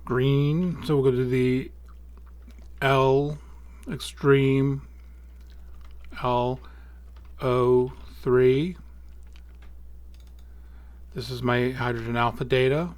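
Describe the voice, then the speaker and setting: Male tutorial host, mid-pitched, dry close-mic sound, relaxed thinking-aloud delivery. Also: drawn-out words, pauses often, clear, resonant tone, no echo. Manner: relaxed, thinking aloud with small slips and self-corrections. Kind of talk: casual screen-recorded software walkthrough.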